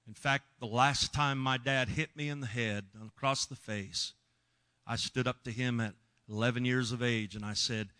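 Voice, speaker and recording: A middle-aged man preaching, telling a personal testimony with emotion, dropping to hushed tones and rising loud. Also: medium pitch, fairly even intonation, moderate pace, clear, resonant tone. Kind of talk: sermon testimony.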